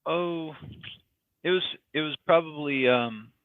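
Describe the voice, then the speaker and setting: A man's voice: a little high, slow pace, dry recording. A man, a podcast guest telling a personal story in casual, rambling talk full of ums and likes. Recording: tinny phone-like line, dry.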